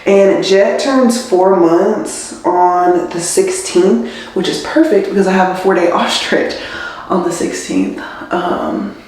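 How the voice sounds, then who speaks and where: A woman's voice: on the low side, slow, a little mellow, soft background music. A young woman, a nurse, chatting casually in a rambling, confiding way as she does her hair at home. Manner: rambling and chatty, heavy use of "like"; confiding and emotional. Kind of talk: casual vlog chat. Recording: very echoey room.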